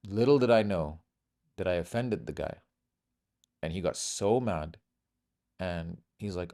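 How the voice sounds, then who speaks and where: A man's voice: sits low, lively intonation, normal speed, pauses often, dark tone. A middle-aged man from Bahrain, a comedian guest telling stories in casual chat and acting out the voices of people he quotes.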